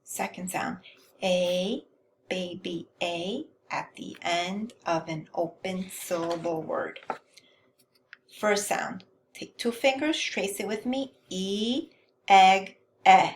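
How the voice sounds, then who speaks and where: A woman teaching a first grade phonics lesson, speaking clearly in a sing-song teacherly way and prompting young children to repeat after her. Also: fairly low pitch, slow, slight background noise.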